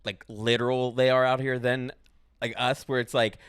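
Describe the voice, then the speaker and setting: A man co-hosting a comedy podcast, trading quick, laughing banter with his comedian friends. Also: mid-range voice, little pitch movement, fairly bright tone, clear, resonant tone, dry recording, clean studio sound. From Pittsburgh area. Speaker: podcast co-host. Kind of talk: casual podcast chat.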